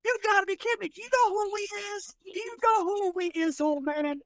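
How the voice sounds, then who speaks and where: A man's voice: very high-pitched, animated, fairly quick, dry recording, clean studio sound, pitched above the performer's own voice. A man voicing a boastful, bullying outlaw gunslinger who keeps taunting an old man, in a tabletop game. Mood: mocking.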